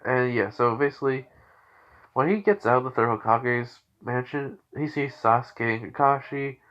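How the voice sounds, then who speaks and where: A man's voice: medium pitch, normal speed, fairly bright tone, muffled recording. A tired young man improvising fan-fiction narration in a rambling way, sighing often. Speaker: fan storyteller.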